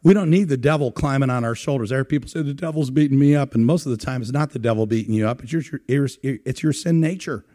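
A middle-aged male pastor preaching a sermon at a mid-range pitch. He talks in a conversational way and often asks his listeners rhetorical questions. He teases them and leans on them to answer. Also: fast talker, few pauses, dark tone.

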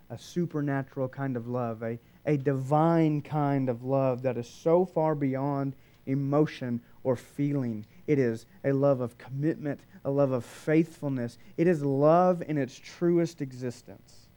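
A man preaching a sermon, shifting between loud emphatic declarations and hushed, quiet passages. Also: mid-range voice. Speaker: pastor.

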